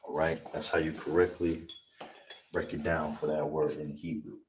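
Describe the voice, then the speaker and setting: Low-voiced guy teaching a class, says each syllable slow and repeats, mic kinda far, noisy. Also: flat delivery. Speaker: language teacher. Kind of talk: livestreamed language class. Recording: distant mic with clear background noise.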